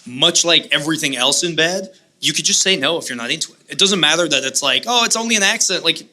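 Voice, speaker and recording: A man trades crude jokes as a podcast co-host in front of a live crowd. His tone is sharp and forceful, sitting a touch high for a man, and he keeps it loose and casual. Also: fast talker. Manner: joking, crude banter. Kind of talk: casual comedic chat. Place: live show venue on stage.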